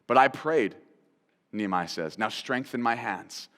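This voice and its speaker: A man hosting a Christian teaching show, talking in an animated, conversational way, repeating phrases for emphasis and putting direct questions to the listener. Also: mid-range voice, measured pace, long reverb tail. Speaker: host and Bible teacher.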